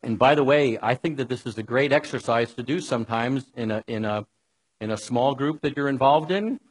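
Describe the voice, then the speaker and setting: Husky-voiced New preacher. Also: male voice, medium pitch, brisk, rough recording. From New York. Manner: chatty, wry, talks straight to listeners. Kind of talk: conversational sermon.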